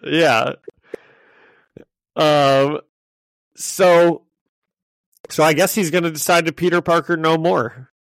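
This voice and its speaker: A man's voice: a little high, fairly even intonation, slow pace, creaky, pauses often, a bit bright, no echo. A man co-hosting a podcast, chatting and laughing as he recaps a comic, often restarting his sentences. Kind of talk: casual chat.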